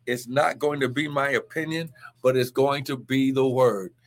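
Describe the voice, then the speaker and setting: A man preaching and praying as a pastor in a live morning service, fervent, with shouted exclamations and speaking in tongues. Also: medium pitch, steady tone, normal speed. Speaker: pastor and prophet.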